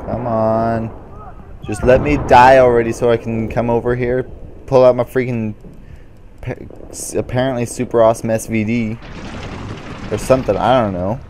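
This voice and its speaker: A man's voice: medium pitch, little pitch movement, moderate pace, long pauses, a little mellow, slight background noise. Brief: a man doing live gameplay commentary. Confused and frustrated, with faint gunfire behind him. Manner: confused, frustrated muttering, says "dude" a lot. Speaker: gamer.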